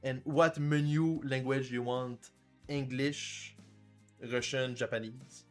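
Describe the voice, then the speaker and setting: Casual male streamer, mid-pitched, loose and crude-humored, faint music underneath. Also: steady tone, slow. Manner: joking, crude, rambling. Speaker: indie game developer streaming. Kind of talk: casual livestream chat.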